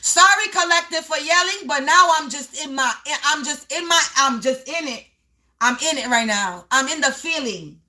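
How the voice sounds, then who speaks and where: A woman giving a spiritual energy reading to her viewers, talking in a repetitive, emphatic way, at times yelling. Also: high-pitched, animated, normal speed. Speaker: spiritual reader. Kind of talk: live tarot-style energy reading.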